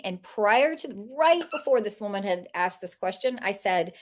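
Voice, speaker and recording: A woman with a mid-pitched voice tells comic anecdotes with animated energy, laughing often as she goes. She slips into playful voices for the people she quotes. She talks in an easy storytelling manner. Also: normal speed, few pauses. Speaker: author and animal communicator. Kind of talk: storytelling interview talk.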